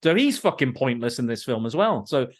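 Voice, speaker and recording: A man's voice: mid-range voice, sing-song, fairly quick. A man hosting a podcast, ranting casually about a film with lots of swearing and restarts. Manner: ranting, profane, with frequent restarts. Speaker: podcast host.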